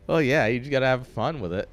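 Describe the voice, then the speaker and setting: A man casting a live strategy game, easygoing and joking, often laughing. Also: mid-range voice. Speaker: esports caster. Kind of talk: casual live game commentary.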